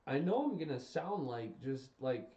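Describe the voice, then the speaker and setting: A man's voice: mid-range voice, big pitch swings, normal speed, mellow, recorded from a distance. A young adult man streaming, talking casually and emphatically, repeating himself as he vents his exasperation. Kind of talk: casual ranting commentary. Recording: roomy, dull lo-fi stream audio.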